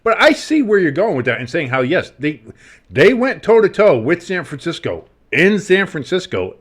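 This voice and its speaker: A man co-hosting a casual sports podcast, rambling and excitable, swearing freely. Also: fairly high pitch, moderate pace, breathy edge. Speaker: podcast co-host.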